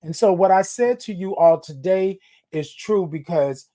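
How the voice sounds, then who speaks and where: A man's voice: high-pitched, a little slow, warm tone. A man in his forties hosting a live stream, talking casually and affectionately to his viewers, repeating his phrases for emphasis. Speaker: host of a live-stream show.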